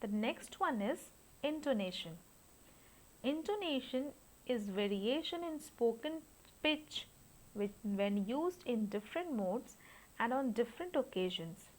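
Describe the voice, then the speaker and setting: A woman's voice: on the high side, lively intonation, unhurried, darkish tone, low-quality recording. A woman teaching a phonetics lesson, carefully spelling out sounds and syllables with examples. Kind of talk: slow classroom lecture.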